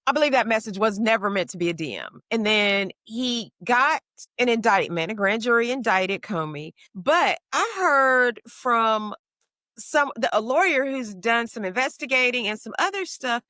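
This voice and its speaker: A woman co-hosting a podcast, chatting casually and animatedly, leaping up into high exclaiming tones. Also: expressive, normal speed, pushed and bright, dry recording, clean studio sound. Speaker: podcast co-host. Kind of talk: casual chat.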